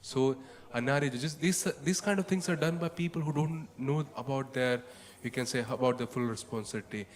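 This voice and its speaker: A man's voice: medium pitch, a little fast, big-room sound. A man giving a casual talk on scripture, chanting verses and then explaining them with many fillers like "like" and "you know.". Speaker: devotional speaker explaining scripture. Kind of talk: casual spoken scripture commentary.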